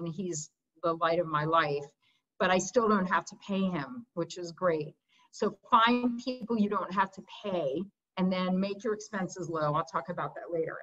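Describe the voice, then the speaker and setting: A woman's voice: fairly low pitch, fairly bright tone. A middle-aged woman giving a casual, candid art lecture over a video call, laughing at her own stories. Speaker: visiting artist lecturer. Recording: muffled video call audio.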